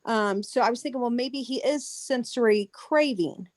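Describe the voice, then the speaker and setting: A woman's voice: on the high side, moderate pace, a little mellow, no echo. A woman child care teacher asking a question on a webinar, hesitant and searching for words. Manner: hesitant, searching, with many restarts.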